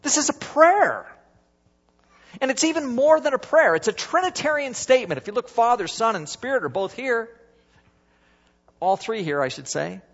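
A middle-aged man preaching a sermon as pastor, with a husky voice and an emphatic style that swings between loud rises and soft drops. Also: high-pitched. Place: church sanctuary. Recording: dull sound with long church reverb.

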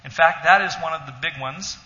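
In a church hall, a man leading a Bible study delivers an earnest teaching sermon, walking the congregation through a passage step by step. His voice is a little high, brisk and sharp-toned. The sound is dull and the hall reverberant.

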